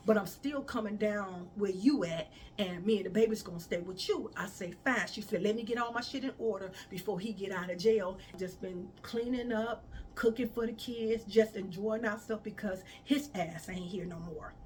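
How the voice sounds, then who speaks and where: A woman's voice: medium pitch, a little mellow, far from the mic. A woman shares a personal story in a casual storytime vlog and calls her viewers "y'all" as she goes. She acts out each person's lines in turn. The mic sits a little away from her, and there's a faint hiss in the background. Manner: conversational, addresses viewers as y'all, quotes others in dialogue.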